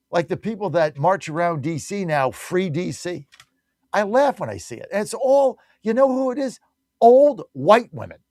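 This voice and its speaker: High-voiced combative male radio host. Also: a little mellow, no echo, clean studio sound. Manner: combative, emphatic ranting with repeated rhetorical questions. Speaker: radio talk show host. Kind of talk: opinionated talk radio monologue.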